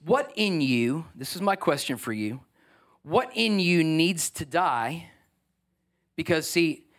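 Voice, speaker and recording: Passionate high-voiced man preaching a sermon. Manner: passionate, preaching with rising intensity and rhetorical questions; casual asides and humor. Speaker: pastor. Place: church. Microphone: microphone.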